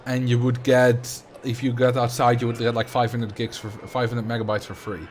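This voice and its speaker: A man's voice: medium pitch, little pitch movement, moderate pace, slight background noise. A man with a Dutch accent chatting casually as a streamer while playing a game, rambling and answering viewer questions.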